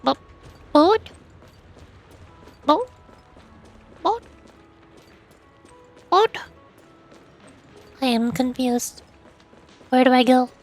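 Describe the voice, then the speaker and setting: A woman's voice: high-pitched, expressive, very slow, long pauses, faint music behind. A young woman streaming a game, chatting playfully and reading dialogue aloud, often musing in confused asides. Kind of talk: casual gameplay commentary and reading aloud.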